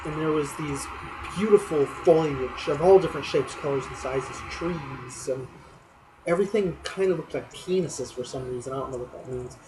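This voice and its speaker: A man delivering a rambling comic monologue for his fantasy league's weekly roast, telling crude jokes in a low-key, deadpan way. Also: moderate pace, noisy background.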